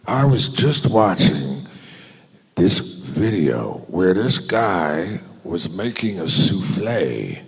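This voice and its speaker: Man impersonating an older film star, gravelly, drawling, enthusiastic, very low, hall echo. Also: big pitch swings, extremely slow, full character voice. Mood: chatty. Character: excitable older male film star, chatty. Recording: echoey convention hall.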